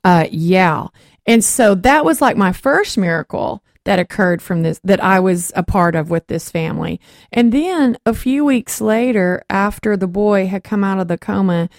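A woman's voice: medium pitch, dry recording. Lady hosting a faith show, telling her story with lots of feeling, voice sounds dry and close. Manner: lively storyteller, acts out quoted voices. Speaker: host of a Christian talk show.

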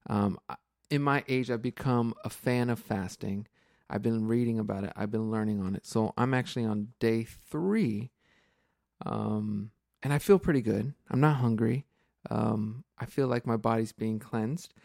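A man's voice: fairly low pitch, a little slow, gravelly, darkish tone, dry recording. Upbeat man co-hosting a podcast, dry sound. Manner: chatty, upbeat, laughs often. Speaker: podcast co-host. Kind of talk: casual podcast chat.

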